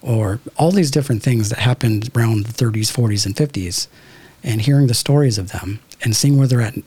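This Southern California man in his thirties, a guest on a podcast, speaks at medium pitch and a fairly quick pace, his tone a little mellow with a breathy edge. He casually shares a spiritual, reflective story peppered with fillers like "like" and "you know."

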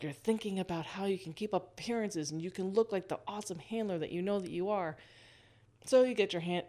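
Woman, host, lowish voice, casual storytelling, lively, laughs a lot. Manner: lively, laughs often, talks the listener through a scene.

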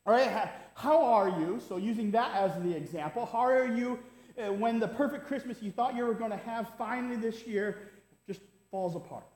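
A man's voice: extremely high pitch, normal speed, darkish tone. A man, a pastor, preaching a sermon in a conversational, storytelling way that keeps checking in with the listeners. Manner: conversational, keeps asking "right?". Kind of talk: sermon with a humorous personal story. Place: church sanctuary. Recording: echoey church room.

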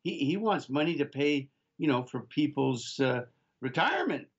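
A man's voice: on the high side, lively intonation, normal speed, highs cut off. An older man co-hosting a talk radio show, making emphatic political points to listeners and stumbling through frequent restarts. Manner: emphatic, restarts often, addresses listeners as folks. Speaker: radio co-host. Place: remote location, off-site from studio.

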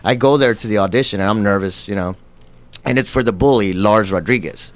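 A man guest in an interview, telling stories in a casual, animated way and acting out quoted lines. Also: on the low side, fairly quick. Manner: animated, acts out quotes with laughs. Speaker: actor guest.

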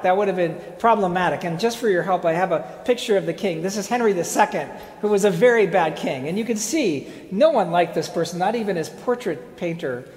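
A lecturer talks through an informal presentation in a relaxed, conversational way, with dry asides, halting restarts and plenty of fillers. The voice sits at an ordinary middle pitch. It rings around a large hall with a long, roomy reverb. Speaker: speaker giving a presentation. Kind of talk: informal lecture with slides and a told parable.

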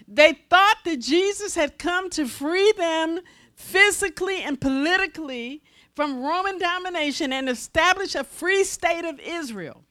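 A woman minister preaching a sermon in a folksy, animated style with call-and-response to the congregation. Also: extremely high pitch.

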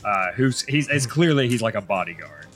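A man's voice: lowish voice, big pitch swings, moderate pace, a bit bright, soft background music. A man narrating as game master in a tabletop game, rambling with many fillers and restarts.

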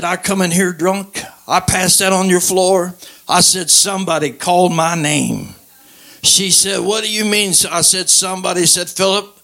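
A man's voice: high-pitched, gravelly, pushed and bright. A man giving his personal testimony as a plainspoken story. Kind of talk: recorded spoken testimony.

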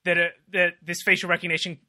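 Bright-voiced sarcastic man. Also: sits high, little pitch movement, quick pace. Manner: sarcastic, laughing, mock-chanting quotes. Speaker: podcast co-host. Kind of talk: casual political commentary chat.

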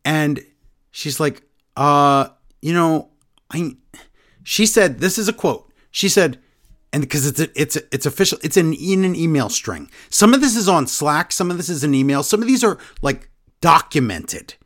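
A man co-hosting a wrestling podcast in casual chat, animated and rattling off news in quick bursts. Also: fairly high pitch. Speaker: podcast co-host.

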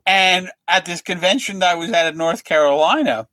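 A middle-aged man, a comic book writer guest, telling anecdotes in a lively way and acting out the lines of the people in them. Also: high-pitched, brisk, dry recording. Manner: lively storyteller who acts out other people's lines.

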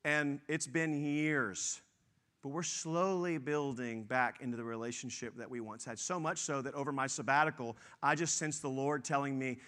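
Bright, forceful preaching man. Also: medium pitch, fairly even intonation, moderate pace. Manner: storytelling, emphatic, says y'all. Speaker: pastor. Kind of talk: sermon.

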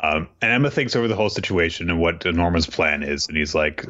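A man co-hosting a casual chat, recapping a story in a relaxed way and laughing often. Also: sits low, quick pace, few pauses. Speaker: podcast co-host. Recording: muffled lo-fi audio.

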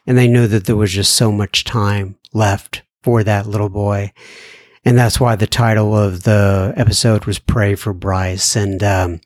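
A man with a slight Southern American accent hosting a podcast, reading listener letters in a lively, joking way. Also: on the low side, a little slow, dry recording, studio quality. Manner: lively, jokey, animated when reading, turns somber. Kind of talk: casual podcast chat.

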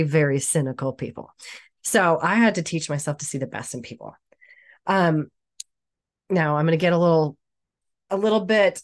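A woman with a somewhat low voice delivers a motivational monologue straight to the listener. She talks bluntly and casually, swearing freely and laughing often.

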